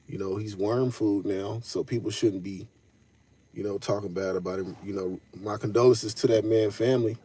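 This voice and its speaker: This live-stream host speaks loosely in slang, addressing and answering his chat directly in casual commentary. His voice is fairly low, steady, and warm, slightly rough, at a moderate pace.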